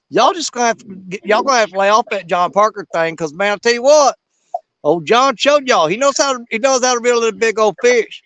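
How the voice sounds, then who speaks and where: A man with a drawl chats casually with his livestream viewers, calling them brother. His voice sits high for a man, and the recording is dry and close. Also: lively intonation, fairly quick, fairly bright tone, dry recording. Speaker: livestream host. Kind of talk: casual livestream chat reading viewer comments.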